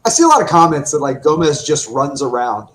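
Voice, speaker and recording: A man's voice: a little high, very animated, a little fast, a bit bright. A man co-hosting a live football watchalong, reacting with enthusiastic exclamations. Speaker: podcast co-host. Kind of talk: live match watchalong commentary.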